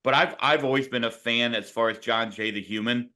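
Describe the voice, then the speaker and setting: A man's voice: medium pitch, steady tone, fairly quick, bright, forceful tone. A man co-hosting a casual sports podcast, reflective and full of hedges, playfully pushing back on his partner. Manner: hedging, reflective, playfully argumentative. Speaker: podcast co-host.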